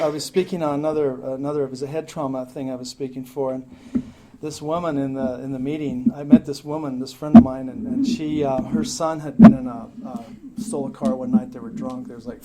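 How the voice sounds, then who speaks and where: A man's voice: a little high, low-quality recording. A man telling his story at a recovery meeting in a rambling, joking, profane way. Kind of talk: casual storytelling talk. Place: meeting room with a crowd. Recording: live meeting talk with audience laughter.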